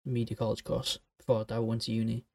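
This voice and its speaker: A man's voice: medium pitch, monotone, fairly quick, vocal fry, darkish tone. A man in his twenties co-hosting a podcast, talking bluntly and swearing freely. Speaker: podcast co-host. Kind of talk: casual chat.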